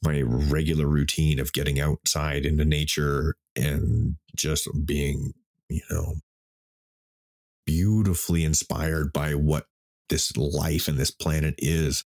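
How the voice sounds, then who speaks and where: A man in his fifties talks alone into a podcast mic from his home desk, with a very deep, low-pitched voice. He speaks candidly and emotionally about his own life. He swears freely and often stops to restart a sentence. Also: darkish tone. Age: 50s. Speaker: podcast host. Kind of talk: solo reflective podcast monologue. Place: home desk in front of a computer.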